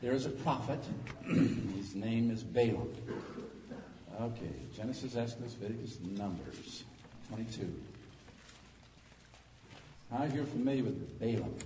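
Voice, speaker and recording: A middle-aged man preaching a sermon, telling the story in a folksy, joking, animated way. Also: fairly low pitch, a little slow, long pauses. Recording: echoey hall, distant mic, faint noise.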